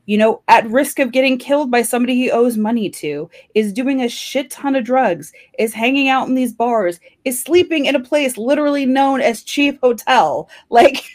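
A woman's voice: fairly high pitch, moderate pace, hardly any pauses. A woman co-hosting a podcast, talking casually and bluntly, with some casual swearing. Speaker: podcast co-host. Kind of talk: casual discussion.

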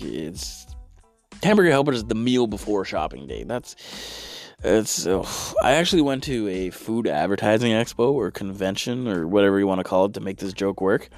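Male stand-up comedian, ranting and exasperated, low voice with wide swings. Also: a little mellow, no room sound. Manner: exasperated rants with big vocal swings.

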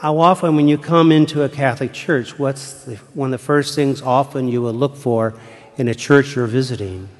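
An older man, a retired priest, preaching a sermon in a church, telling the story slowly and dropping to a hushed whisper at times. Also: mid-range voice. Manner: slow, deliberate storytelling with dramatic hushed whispers. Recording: long church reverb.

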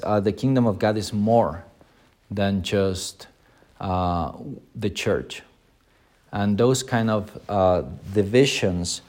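Male pastor, Sunday School lesson, lowish voice, lots of uh and um, acts out quotes. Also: a little mellow. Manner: frequent filler sounds, acts out quoted speech in raised voices. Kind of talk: unscripted Bible lesson.

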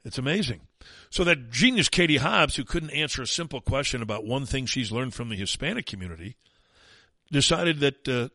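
A man's voice: medium pitch, animated, a little fast, bright, forceful tone, no echo. Combative male talk radio host. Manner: combative, mocking, emphatic. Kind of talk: opinionated talk radio monologue.

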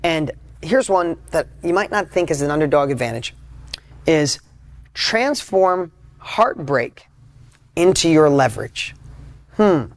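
A man hosting a motivational podcast, talking casually and emphatically, with sudden loud high peaks between quieter asides. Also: normal speed, no room sound. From United States. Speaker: podcast host. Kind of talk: motivational talk.

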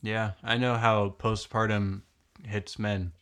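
A man's voice: lowish voice, level tone, slow pace, fairly bright tone, smooth. Young adult male podcast host, encouraging, giggly. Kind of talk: casual chat.

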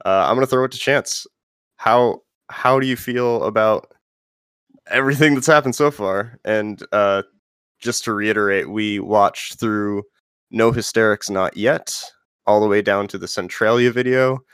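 A male podcast host talks in a loose, rambling way, padding his thoughts with fillers. His voice sits low and smooth. The recording is dry and close. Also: fairly even intonation, measured pace, a bit bright, no room sound. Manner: rambling, filler-heavy and conversational. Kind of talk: casual podcast chat.

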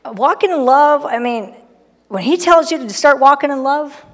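A middle-aged woman preaches in a church, her voice a touch high and lifting into long hall reverb. She talks in a casual, joking way, acting out little voices for the people in her story. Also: animated, moderate pace, a bit bright. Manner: conversational and humorous, acting out people. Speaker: pastor. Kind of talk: sermon. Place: church sanctuary.

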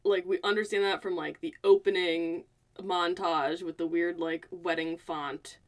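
A woman's voice: lowish voice, steady tone, a little slow. Chatty woman co-hosting a movie podcast. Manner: chatty plot recapping, laughs often. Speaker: podcast co-host. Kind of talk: casual movie recap chat.

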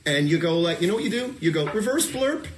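A man's voice: fairly high pitch, expressive, very fast, slight background noise. A man hosting a talk show, earnest and talking things through with a guest. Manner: earnest, talks things through, mimics himself. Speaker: show host. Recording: echoey room.

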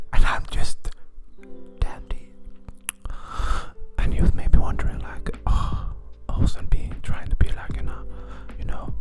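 A man's voice: takes it slowly, pauses often, music in the background. A man hosting a podcast, joking his way through a playful whispered role-play outdoors with the microphone right at his mouth. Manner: playful, giggly, self-mocking. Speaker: podcast host. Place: outdoors among birdsong. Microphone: close to the mouth.

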